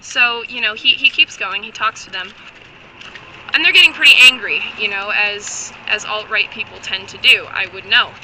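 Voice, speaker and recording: A young woman with a mid-range, sharp-toned voice tells a comic, rambling story at normal speed, full of jokes, restarts and asides. She sounds strained and tired, as if losing her voice. The audio is poor, with slight background noise.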